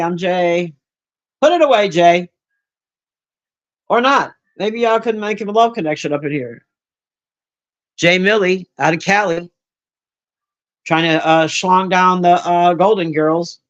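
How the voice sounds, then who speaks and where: A loud, brash woman in her fifties chatting casually on a live stream from her room, teasing and roasting her viewers. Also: on the low side, highs cut off. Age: 50s. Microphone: own desk mic.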